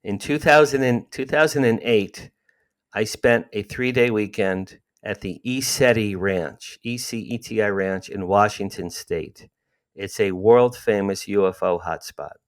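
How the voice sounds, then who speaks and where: A man's voice: fairly low pitch, unhurried, smooth. A man in his sixties, emotionally retelling a personal story as an interview guest, with frequent restarts. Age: 60s.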